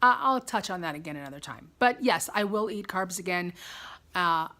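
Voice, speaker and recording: A woman's voice: on the low side, expressive, moderate pace, pushed and bright. A woman in her fifties talking casually in a personal video diary at home, chatty and rambling, often laughing at herself. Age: 50s. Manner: chatty, rambling, self-deprecating. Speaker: vlogger.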